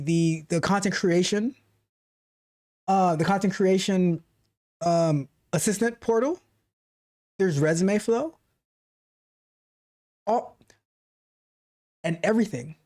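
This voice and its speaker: A man's voice: high-pitched, a little mellow. A man hosting a coding livestream as a tech coach, talking casually and emphatically, repeating phrases for stress and reading out the chat.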